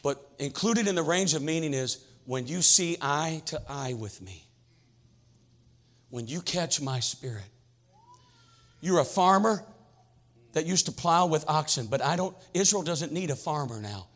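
A male pastor preaching in a church, his voice pitched high with a bright, forceful edge. He drives his points home through repeated phrases and rhetorical questions, building a steady preaching rhythm. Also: unhurried, long pauses. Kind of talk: sermon. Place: church sanctuary.

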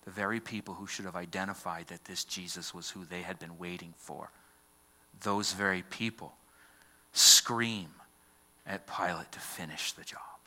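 A male pastor preaches with a fairly low voice and a forceful, bright edge. His delivery is dramatic, with swings between ringing emphasis and hushed near-whispers. He is speaking in a church. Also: fairly even intonation, unhurried. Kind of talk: sermon.

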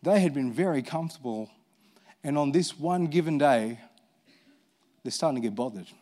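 A man with a high-pitched voice preaches a sermon. He talks animatedly and with emphasis, and repeats phrases for effect. He reads scripture aloud in a lower, quieter register. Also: expressive, moderate pace.

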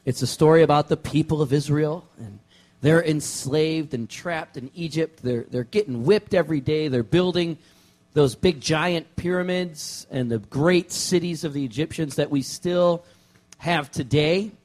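A man, a pastor, preaching a casual sermon to his church, relaxed and joking, with many fillers and restarts. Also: fairly high pitch, unhurried. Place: church sanctuary.

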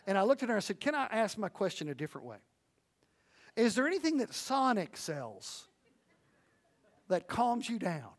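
A man preaching a sermon, earnest and animated, swinging between hushed and loud, with folksy storytelling and asides to the audience. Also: high voice, moderate pace, long pauses. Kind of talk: sermon on evangelism.

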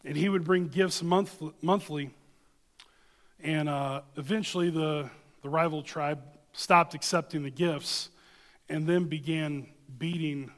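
Earnest male preacher in a reverberant hall. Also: on the high side. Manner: earnest, emphatic, addresses listeners with "okay?". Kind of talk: sermon with storytelling.

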